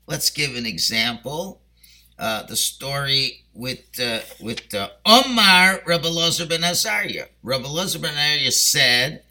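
A Yeshivish-accented man leads a Haggadah class, slipping Ashkenazi-pronounced Hebrew into his English. His voice is fairly high and very bright. He works through the text by asking questions aloud and answering them. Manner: explanatory, asks and answers his own questions. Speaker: Torah teacher.

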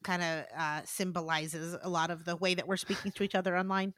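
A woman's voice: fairly low pitch, level tone, a little fast, fairly bright tone, dry recording. A woman co-hosting a podcast, giving opinions in casual chat with many fillers. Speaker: podcast co-host.

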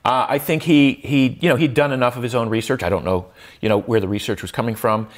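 An older man, a guest in a conversational interview, speaks quickly at a mid-range pitch with a steady tone. He talks reflectively, restarting often and using lots of fillers, and his voice lifts whenever he stresses a point.

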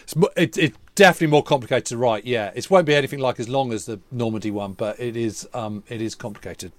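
A man's voice: mid-range voice, quick pace, no echo. A man co-hosting a podcast, chatting enthusiastically about history in eager bursts. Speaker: podcast co-host. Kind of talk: casual history chat.

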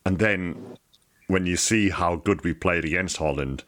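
A man in his fifties from England, a former goalkeeper chatting about his old manager with halting enthusiasm. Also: deep voice, fairly bright tone. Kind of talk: casual chat.

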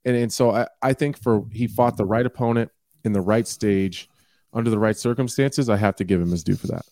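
A man's voice: on the low side, a little fast, darkish tone, no echo, studio quality. A man co-hosting a casual combat-sports chat, talking loosely with stammering restarts. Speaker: podcast co-host. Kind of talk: casual fight-talk chat.

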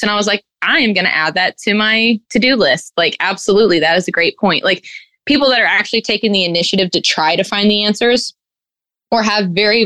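A young woman tells her stories in an animated, casual way, dropping "like" into nearly every phrase. She acts out other people's lines with big jumps in pitch. The sound is dry and close. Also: dry recording. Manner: animated storyteller, acts out quotes, heavy on "like". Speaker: guest content creator. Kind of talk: casual chat.

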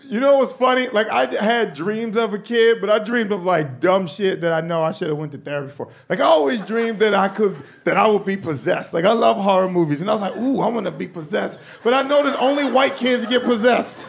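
A man doing stand-up with a high, gravelly voice and a profane, animated delivery. He acts out the people in his stories, often pushing up into shouts. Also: fairly quick, hardly any pauses. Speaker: stand-up comedian. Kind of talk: stand-up routine.

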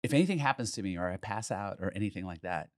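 Speaking fast in a low-leaning voice, a man who collects art recounts a story casually. He gets animated, curses freely and performs other people's lines. The recording is clean studio sound with no room sound.

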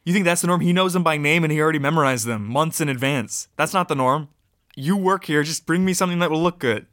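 A man improvising a comedy scene, animated and sarcastic, bickering back and forth. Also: on the high side, fast, dry recording, studio quality. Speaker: comedy podcast co-host.

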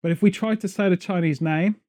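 A man's voice: high voice, fairly quick, a little mellow. A man hosting a podcast, rambling and joking sarcastically in casual chat. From Britain. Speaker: podcast host.

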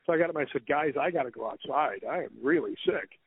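A man with a fairly high voice tells a long, rambling ghost story as an interview guest. He acts out the other people's lines as he goes. The sound is thin and phone-like, with no room at all. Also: fast talker, slightly rough, no echo. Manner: rambling, animated retelling with quoted dialogue. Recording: tinny phone line, dry.

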